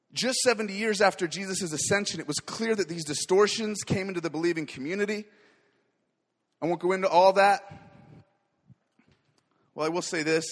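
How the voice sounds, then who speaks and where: A man preaching a sermon with fervent energy, swinging between quiet asides and loud declarations. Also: high voice, big-room sound.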